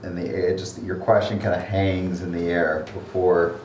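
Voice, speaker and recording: A man running a tabletop game as game master, relaxed and explaining rules as he narrates. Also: deep voice, moderate pace. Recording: echoey room, distant mic, faint noise.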